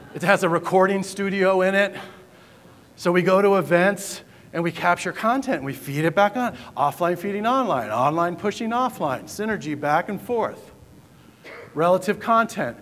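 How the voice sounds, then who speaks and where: Joking conference speaker in a big hall. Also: male voice, high-pitched, a bit bright. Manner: joking, punchy, asks the crowd questions. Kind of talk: keynote presentation to a live audience. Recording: distant hall reverb, faint ambience.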